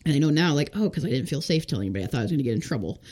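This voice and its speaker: A woman's voice: low-pitched, expressive, racing, a little mellow, husky. A young woman telling her life story as a guest in a casual interview, chatty and full of fillers, acting out what people said. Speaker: podcast guest.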